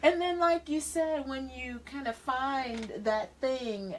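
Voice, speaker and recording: A woman hosting a casual radio chat, chatty and quick to laugh. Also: sits high, a little hiss or hum. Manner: laughs often, chatty with many fillers. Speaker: radio show host. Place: radio studio.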